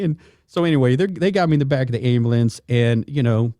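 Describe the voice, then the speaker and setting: A middle-aged man spins a story in a dry, close studio sound. He tells it casually and jumps into the voices of the people in it, lively and animated. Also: mid-range voice, fast, no echo. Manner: animated, acts out quoted voices. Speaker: podcast guest, retired police sergeant.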